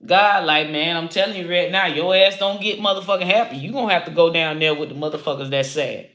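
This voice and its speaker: A woman comedian hosting a live stream, ranting with constant profanity in a loud, rambling way. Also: on the low side, fast. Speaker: comedian host. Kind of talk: live-stream comic rant. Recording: echoey room.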